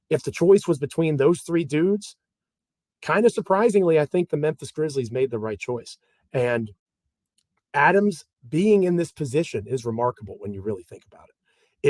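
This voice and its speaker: A man's voice: mid-range voice, darkish tone, no echo. A man hosting a solo sports podcast, talking in an emphatic, conversational way with an uneven pace. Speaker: podcast host.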